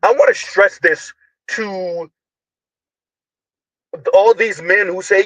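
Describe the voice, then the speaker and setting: High-voiced man shouting heated commentary. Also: unhurried, pauses often, no room sound, lo-fi sound. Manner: loud, emphatic, often shouting; slangy, repetitive, rhetorical questions. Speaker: online commentator.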